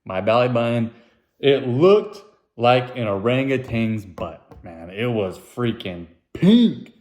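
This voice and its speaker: A young adult man hosting a casual solo podcast, rambling with self-mocking jokes and dropping into silly high voices when quoting people. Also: big pitch swings, takes it slowly, darkish tone. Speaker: podcast host.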